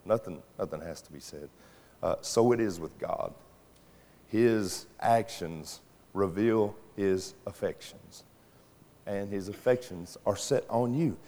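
A man preaching a sermon as pastor, swinging between rising intensity and quiet emphatic drops. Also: on the low side, slow pace. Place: church sanctuary. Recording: long church hall reverb.

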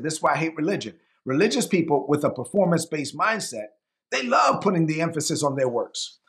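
Male preacher, high gravelly voice, lively emphatic sermon delivery. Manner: emphatic, repeats phrases, acts out quotes.

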